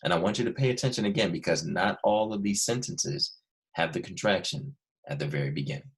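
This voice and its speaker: A man teaching a recorded lesson to young students, explaining patiently and repeating key points slowly. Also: low voice, lively intonation, gravelly.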